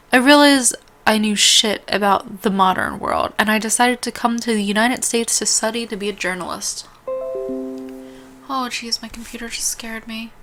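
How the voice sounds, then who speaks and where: A woman with a bright, clear-toned voice reads an interactive story game aloud. She trips over longer words, restarts her lines and slips in casual asides between passages. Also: medium pitch. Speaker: let's-play host.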